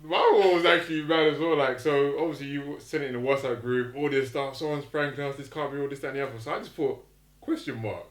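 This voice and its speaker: A man's voice: medium pitch, fairly even intonation, fast talker. A man co-hosting a podcast, telling a story in laid-back casual chat. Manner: laid-back, quotes others in his story. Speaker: podcast co-host. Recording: echoey room.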